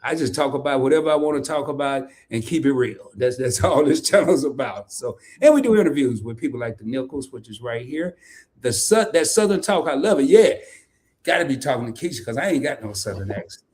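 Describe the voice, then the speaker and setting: A middle-aged man hosting a casual live stream, talking in a playful, animated way and laughing often. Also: medium pitch, fairly quick. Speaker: host.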